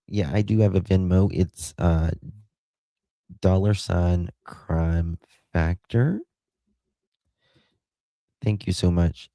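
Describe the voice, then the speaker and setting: Low, gravelly, and mellow, an American man's voice comes through without echo as he hosts a livestream. He chats casually through viewer comments, affectionately thanking people by name and laughing often.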